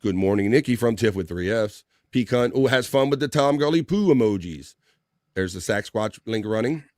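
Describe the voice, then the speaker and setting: A man's voice: fairly low pitch, normal speed, no room sound, clean studio sound. Laid-back man hosting a live chat show. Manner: relaxed, rambling, many fillers. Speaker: livestream talk show host. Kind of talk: casual live chat show, reading viewer comments.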